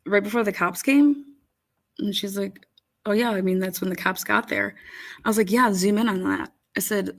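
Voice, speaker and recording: A woman giving casual, rambling commentary over video footage, telling an incredulous story with frequent swearing. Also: medium pitch.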